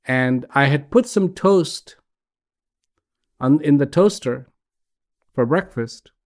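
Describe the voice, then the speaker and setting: A man's voice: fairly high pitch, animated, slow. Despairing guy at a bar, as a man retells him, rambling, pleading. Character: despairing man at a bar, pouring out his troubles.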